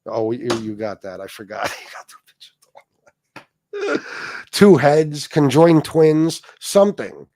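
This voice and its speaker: A man's voice: on the high side, big pitch swings, measured pace, long pauses, dark tone, no echo, clean studio sound. A middle-aged man hosting a livestream, ranting and mocking a rival with heavy swearing and asides to viewers. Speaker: livestream host. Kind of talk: casual profane rant.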